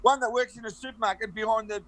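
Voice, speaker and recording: Give me a playful Australian man chatting as a guest, high-pitched. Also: fairly even intonation, fast talker, fairly bright tone, no echo. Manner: playful, teasing, coaching slang. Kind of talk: casual chat.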